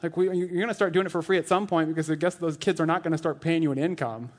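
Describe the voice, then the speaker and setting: A man's voice: fairly high pitch, fairly even intonation, fast talker. A man in his thirties who is a lay elder, giving a casual, joking sermon full of fillers. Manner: chatty and joking, lots of "like", laughs at his own jokes.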